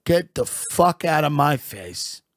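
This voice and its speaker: A man puts on a crude drunk father sitting at a bar. The voice stays close to his own fairly high, unhurried delivery. It sounds sneering and dismissive, with no real change of voice. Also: sing-song, a bit bright, heavily acted.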